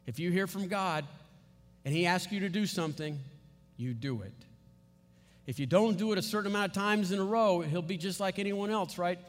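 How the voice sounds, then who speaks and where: A man preaching a sermon as pastor, emphatic and building to loud stresses on key words. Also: high-pitched. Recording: long hall reverb.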